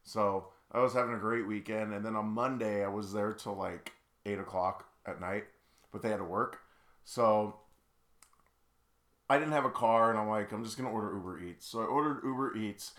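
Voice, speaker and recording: A podcast co-host with a lowish voice speaks at a normal pace in an echoey room. He tells casual stories animatedly and laughs along as he goes.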